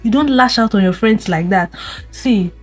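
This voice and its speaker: A woman's voice: mid-range voice, moderate pace, faint music behind. A young woman giving casual relationship advice to camera, firing off rhetorical questions and repeating herself. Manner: scolding rhetorical questions, repeats words, frequent laughs. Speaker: vlogger.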